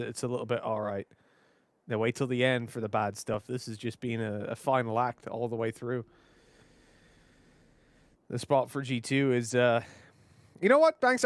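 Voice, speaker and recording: A man's voice: mid-range voice, no echo. A man with an Irish accent, commentating an esports match in a chatty, joking way with frequent laughs. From Ireland. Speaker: esports caster.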